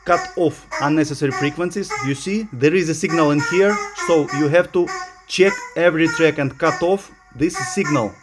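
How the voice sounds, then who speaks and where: Guy teaching music production, lots of ums and restarts, slightly high voice, music playing under him. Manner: halting, many fillers and restarts. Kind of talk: screen-recorded tutorial talk.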